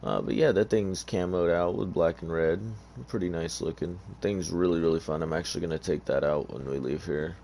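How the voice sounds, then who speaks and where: A tired man talks through his game in a loose, rambling way, stopping often to hesitate. His voice sits very low and has a gravelly, fried edge. A faint background hum runs under his talk. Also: fairly even intonation, fairly quick, few pauses, warm tone. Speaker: gamer. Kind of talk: casual gameplay commentary.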